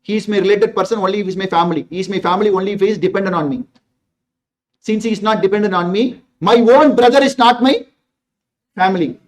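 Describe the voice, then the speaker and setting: Tamil Indian male lecturer, quick, high-pitched, drills the class with questions. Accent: Indian English, Tamil. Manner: emphatic, repeats words, asks the class rhetorical questions. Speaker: teacher. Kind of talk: exam revision lecture.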